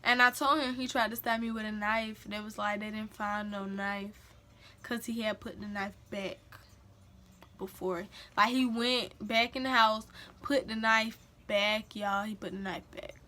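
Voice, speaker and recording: A young woman, telling a dramatic personal story in an animated, emphatic vlog style. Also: medium pitch, unhurried. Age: young adult. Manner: animated, emphatic, dialect-rich retelling. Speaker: storyteller vlogger. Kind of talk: casual storytime.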